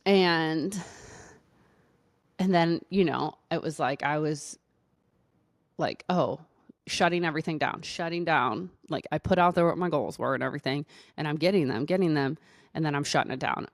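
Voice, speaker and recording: A woman with a low-pitched voice hosts her own podcast as a doctor, telling a personal story. Her talk is loose and chatty, full of "like" fillers. The sound is dry and close, with no room around it. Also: normal speed, long pauses, no echo. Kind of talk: casual storytelling monologue.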